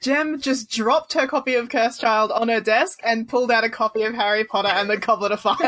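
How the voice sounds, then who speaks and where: A woman co-hosting a casual podcast chat, chiming in with quick, wry reactions. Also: a little high, noisy background. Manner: quick witty interjections, affectionate exasperation. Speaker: podcast co-host.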